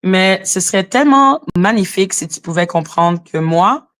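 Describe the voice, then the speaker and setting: A woman from Haiti whose first language is French rants live on a stream. Her voice sits at an ordinary middle pitch. She lectures and swears, circling back to the same points with growing exasperation. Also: lively intonation, normal speed, fairly bright tone. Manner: exasperated, profane, repetitive, lecturing. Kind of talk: heated casual rant.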